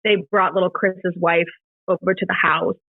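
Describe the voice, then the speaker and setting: A middle-aged woman, a podcast guest, retelling a painful personal story in a halting, emotional way, with many fillers and restarts. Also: lowish voice, level tone, vocal fry, no room sound. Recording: dry, tinny phone-like sound.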